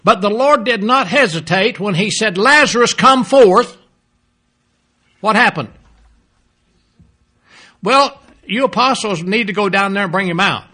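A man preaching a sermon, emphatic, repeating key phrases and dropping low and soft toward the close. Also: lively intonation, moderate pace, hardly any pauses, slightly rough.

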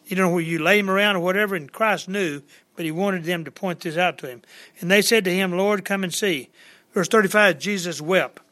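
A man preaching to his congregation in a high, bright voice, working through scripture verse by verse. He talks plainly and conversationally, retelling the old words in everyday speech. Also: a little fast. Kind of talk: folksy verse-by-verse sermon. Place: church service with congregation.

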